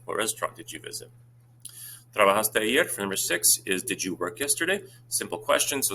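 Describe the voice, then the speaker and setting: A man, a Spanish teacher talking his students through exam questions in a brisk, informal way with many fillers. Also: low-pitched, pushed and bright, slight background noise.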